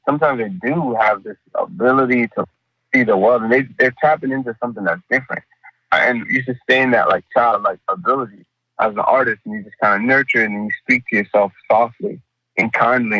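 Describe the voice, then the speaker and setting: A man's voice: medium pitch, fairly quick, no room sound, highs cut off. A man who is a painter, talking casually and animatedly in an interview, swearing freely and acting out what other people say. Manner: animated, profane, acts out quoted voices. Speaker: artist guest.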